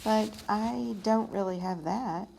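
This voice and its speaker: A woman's voice: medium pitch, takes it slowly, creaky. A woman math teacher working through problems step by step in a recorded lesson, thinking aloud in a plain, patient way. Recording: loud background noise with pen writing sounds.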